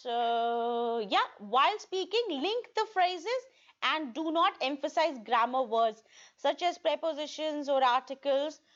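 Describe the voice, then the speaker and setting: A woman with a high voice gives a recorded test-prep lesson, going over tips and often pausing to ask "okay?". The sound is a bit dull and lo-fi. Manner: repeats points, checks in with "okay?". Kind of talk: online video lesson.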